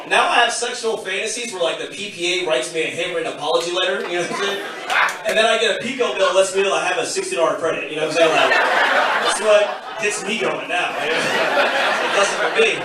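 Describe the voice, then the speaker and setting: A man in his thirties performs stand-up in a packed club, delivering his set in a wry, self-deprecating way. His voice is high-pitched and a little fast, heard from far off in an echoey room with the crowd, and the recording is very noisy.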